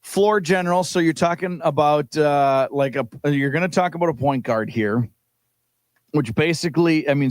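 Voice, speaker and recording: A man's voice: mid-range voice, no room sound. A man co-hosting a morning sports radio show, chatting casually, laughing easily and musing aloud while he guesses.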